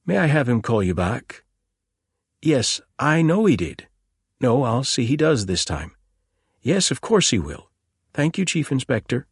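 A man's voice: medium pitch, sing-song, a little slow, long pauses, husky, no echo, clean studio sound, pitched above the performer's own voice, heavily acted. A man voicing an eager, polite young village constable who speaks deferentially.

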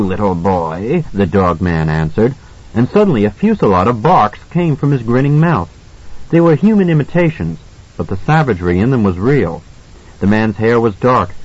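A man's voice: medium pitch, sing-song, moderate pace, breathy edge, dull audio. Man reading a suspenseful novel. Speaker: audiobook narrator. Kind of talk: scripted narration.

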